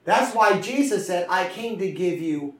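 Recorded from far off in an echoey church sanctuary, a pastor preaches an impassioned sermon, calling out for responses from the congregation. His voice sits high with a fairly bright tone, animated but delivered at a measured pace.

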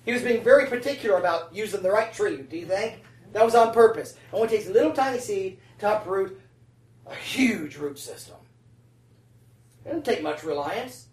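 Heard through a distant mic in a roomy space, a preacher with an animated mid-range voice delivers a chatty sermon at normal speed, repeatedly checking in with "right?" and "amen?".

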